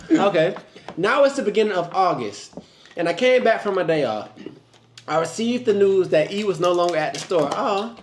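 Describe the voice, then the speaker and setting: A man's voice: sits high, a little slow, reverberant, slight background noise. A man co-hosting a talk show, reading listener love stories aloud and teasing along the way. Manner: animated, teasing, breaks into laughter. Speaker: co-host.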